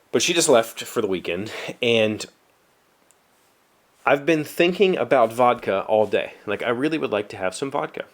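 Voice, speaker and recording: West Virginian man, lowish voice, rambling workshop vlogger, self-deprecating. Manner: rambling, self-deprecating, with frequent fillers and restarts. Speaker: vlogger, show host. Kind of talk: casual solo chat. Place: home workshop.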